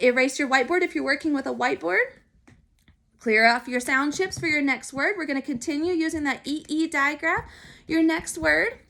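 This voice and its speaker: A woman teaching a phonics lesson to young children, sounding out letters and syllables slowly and clearly. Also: sits high, a bit bright. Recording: recorded for remote learning.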